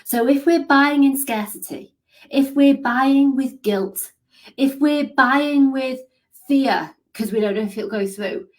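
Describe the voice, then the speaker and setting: A woman's voice: high-pitched, takes it slowly. A woman leading a live coaching session, upbeat and encouraging, reading out comments. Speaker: business coach.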